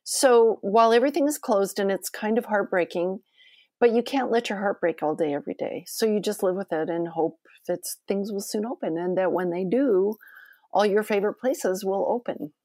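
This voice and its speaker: A woman cookbook author and cooking teacher, talking in an expressive, enthusiastic way in a podcast interview. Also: medium pitch, moderate pace, no echo, studio quality. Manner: chatty, expressive, enthusiastic storytelling.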